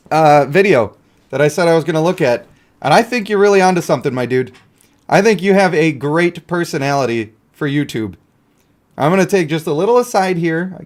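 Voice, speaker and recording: Jokey male gaming YouTuber, higher voice, rambling playfully while he plays. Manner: playful, jokey, talks to himself and viewers. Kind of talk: casual gameplay commentary.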